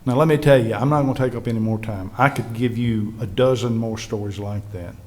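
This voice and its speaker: He speaks a little fast in a lowish voice, a state legislative leader telling earnest stories to a history panel audience. His animated delivery includes acting out his colleagues' remarks.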